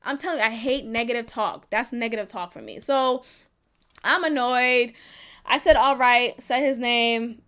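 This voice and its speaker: A woman from Texas hosting a podcast, telling a dating story at home in a blunt, profane, animated way. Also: a little high, moderate pace. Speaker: podcast host. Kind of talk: casual storytelling monologue.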